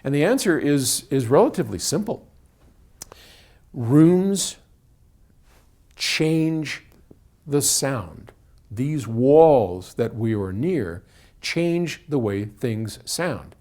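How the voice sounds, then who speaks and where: A man's voice: medium pitch, lively intonation, extremely slow, pauses often, a little mellow. Man chatting casually in an indoor room. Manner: conversational, with frequent restarts and repeated words. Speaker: audio company head answering viewer questions. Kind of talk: casual explanatory talk. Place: indoor room, moving toward and away from a wall. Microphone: single microphone in the room.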